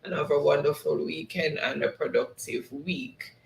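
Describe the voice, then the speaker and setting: Jamaican male host, gravelly, highish voice, echoey room, casual chat reading comments, laughs a lot. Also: fairly even intonation, normal speed, slight background noise. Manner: laughs often between comments. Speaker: live-stream host.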